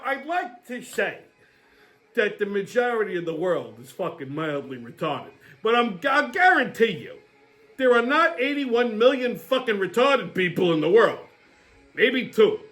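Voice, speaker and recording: A man's voice: very high voice, sing-song, unhurried, pushed and bright, soft background music. A man hosting his own show, telling a story as a profane, heated rant. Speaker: host. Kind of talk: casual ranting monologue.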